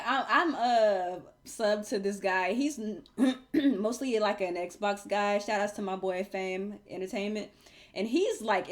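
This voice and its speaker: Female host, chatty and lively, laughs a lot, mid-pitched voice. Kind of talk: casual chat.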